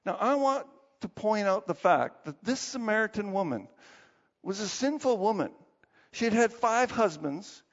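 A male pastor preaching a sermon with animated storytelling, closing in quiet prayer, in a dull recording with long hall reverb. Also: high voice, moderate pace.

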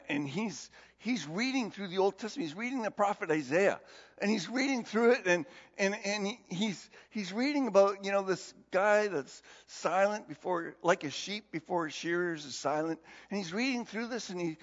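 A male pastor preaching a sermon, telling Bible stories in an animated, conversational way. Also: high voice, normal speed. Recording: dull recording in a long-reverb hall.

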